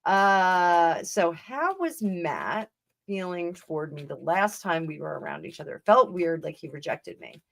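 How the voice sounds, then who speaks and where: A woman's voice: fairly low pitch, animated, unhurried, gravelly. A woman hosting a live tarot stream, chatting casually and rambling, with frequent laughs and restarts. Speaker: tarot reader and livestream host. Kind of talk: casual livestream chat.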